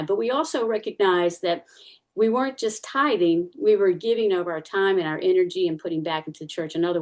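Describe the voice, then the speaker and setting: A woman's voice: lowish voice, a little mellow. A woman giving a personal testimony in church, telling her story casually, with many fillers and restarts.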